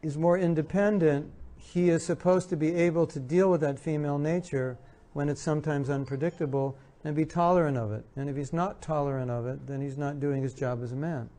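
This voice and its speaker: This marriage lecturer has a mellow voice on the high side and talks fairly quickly with few pauses and fairly even intonation. Earnest throughout, he restates key points and acts out spouses' words in a spiritual talk that takes audience questions.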